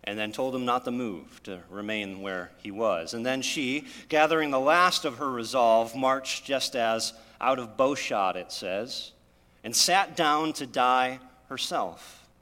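In a church with long hall reverb, a man preaches a sermon, retelling scripture through dramatic storytelling with rising emphasis. His mid-range voice is unhurried, bright, and forceful.

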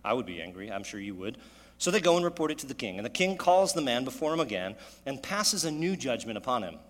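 A man preaching a sermon, animated and full of rhetorical questions, his voice echoing in a church hall. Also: medium pitch, quick pace. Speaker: pastor.

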